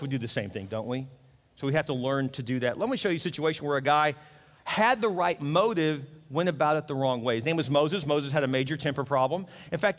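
A middle-aged pastor preaches in a relaxed, conversational way, slipping into the voices of the people he quotes. His voice sits a little high for a man, and a long reverb from a large hall trails after his words. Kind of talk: sermon.

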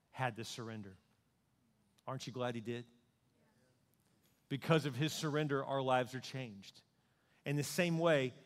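Animated preacher in a reverberant hall. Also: male voice, medium pitch. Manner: animated preaching, acting out voices of God and people praying. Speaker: pastor. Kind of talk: sermon.

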